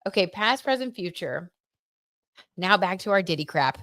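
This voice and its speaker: A woman hosting a live tarot reading stream, talking casually and excitedly, gasping and reading viewer comments aloud. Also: fairly low pitch, normal speed, dry recording, studio quality. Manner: chatty and excitable, reads viewer comments aloud, gasps and many "like"s.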